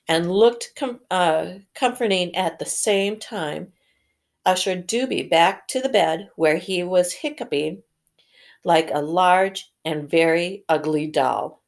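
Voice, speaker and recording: A woman reading a novel aloud slowly, correcting her slips and pausing to comment on the story. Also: on the low side. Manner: slow, careful, stops to correct misread words. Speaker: reader. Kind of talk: read-aloud with think-aloud comments.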